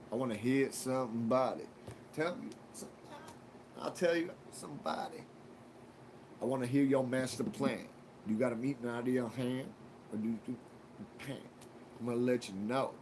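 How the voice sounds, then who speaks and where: A man's voice: mid-range voice, a little mellow, slight background noise. A man hosting a live stream, rambling through a casual monologue with crude jokes and heavy swearing. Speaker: livestream host.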